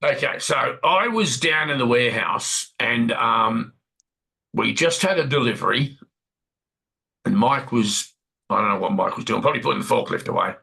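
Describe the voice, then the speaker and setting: A man's voice: mid-range voice, animated, moderate pace, creaky, sharp tone, poor audio. An Australian man playing a chatty warehouse supervisor who rambles, repeats himself and recounts what others said during a role-played workplace investigation interview. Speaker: workplace witness being interviewed.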